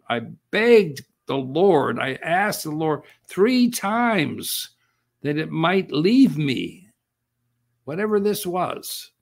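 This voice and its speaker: A man preaching a sermon, reading scripture slowly and with emphasis, then explaining it in loose, conversational asides. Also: a little high, creaky.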